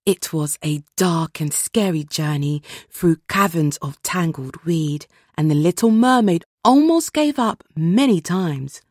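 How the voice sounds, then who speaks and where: A woman reads a children's storybook aloud with measured, expressive narration. Her voice is low and breathy, and the recording is close and completely dry. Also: dry recording. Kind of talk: scripted read-along narration.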